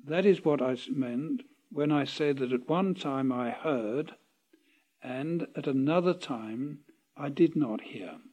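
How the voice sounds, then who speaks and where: A man's voice: mid-range voice, slow, mellow, dull audio. A man reading as an earnest young disciple. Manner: matter-of-fact replies. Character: earnest young male disciple, plain-spoken.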